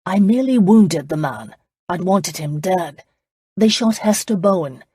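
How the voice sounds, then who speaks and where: A woman's voice: lowish voice, expressive, a little slow, dark tone, breathy edge, dry recording, clean studio sound. A woman narrator voicing an arrogant, impatient young duke who speaks in a commanding, sardonic way. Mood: imperious.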